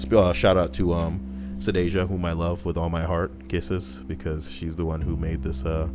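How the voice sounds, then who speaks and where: A young man chats on his live stream in a low, easygoing voice, rambling through viewer messages with crude jokes. Soft background music plays faintly behind him. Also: flat delivery, moderate pace. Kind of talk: casual chat reading viewer messages.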